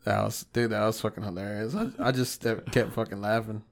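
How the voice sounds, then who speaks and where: A man's voice: lowish voice, fairly even intonation, a little fast, gravelly. A man co-hosting a podcast in casual, crude banter, rambling and swearing and laughing often. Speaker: podcast co-host.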